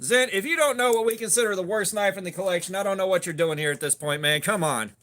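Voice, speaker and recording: High, bright-voiced man streaming. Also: quick pace. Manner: laid-back, greets chat viewers by name. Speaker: livestream host. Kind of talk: casual live stream chat.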